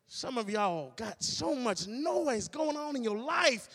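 A man pastor preaching a sermon with call-and-response and repeated phrases that build to shouts, in a reverberant church hall. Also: extremely high pitch, very animated, slow pace, gravelly, husky.

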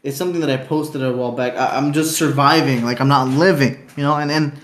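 A man's voice: medium pitch, fairly even intonation, quick pace, fairly bright tone, reverberant. A young man co-hosting a casual, unplanned podcast, rambling in slang, swearing freely and laughing often. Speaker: podcast co-host.

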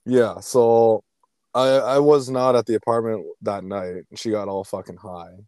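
A man's voice: lowish voice, steady tone, measured pace, warm tone, clear, resonant tone, dry recording. A young man in casual chat, telling about a past relationship in an earnest, profane way.

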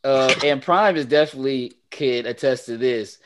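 A young man co-hosting a casual podcast, loose and laughing, with drawn-out hype on his greetings. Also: medium pitch. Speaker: podcast co-host.

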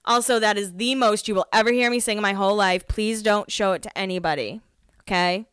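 Woman host, gossipy reality-TV recap, smooth clear voice, dry close sound. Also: brisk, fairly bright tone, no room sound. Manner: gossipy, jumps between topics, acts out quotes in a higher voice. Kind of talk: casual chatty recap. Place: home, alone.

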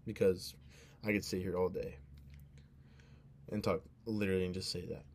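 With a low voice, level tone and moderate pace, a young man hosts his own casual podcast as a faint hiss or hum lingers. Sounding drowsy, he drifts earnestly from point to point and breaks off mid-sentence.

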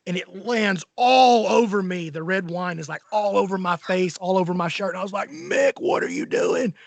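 Man, Southern American accent, animated storyteller, slightly high voice, dry sound. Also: no room sound. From Alabama, USA. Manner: animated storyteller, laughs often. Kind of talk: casual conversation.

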